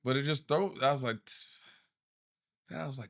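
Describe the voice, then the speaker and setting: A man's voice: a little high, moderate pace, a bit bright, no echo. A man in his thirties co-hosting a casual podcast, telling a parenting story with free swearing, his voice rising as he gets worked up. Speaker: podcast co-host. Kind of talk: casual chat.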